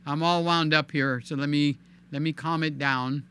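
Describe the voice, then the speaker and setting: A man hosting a live stream in casual, animated chat, cooing in baby talk and reading viewer comments aloud. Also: a little high, moderate pace, a little hiss or hum. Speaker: livestream host.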